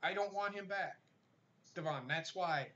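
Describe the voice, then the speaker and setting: Brief: blunt, profane male podcast host with a bright voice, recorded on a muffled lo-fi mic. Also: sits high, unhurried. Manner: blunt and profane, stammers when starting a point. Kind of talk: casual wrestling chat.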